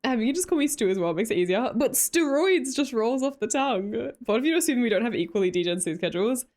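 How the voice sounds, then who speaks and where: A woman's voice: a little high, animated, fast, darkish tone. A young woman with an Australian accent chatting casually with her live-stream viewers, laughing often and greeting them by name.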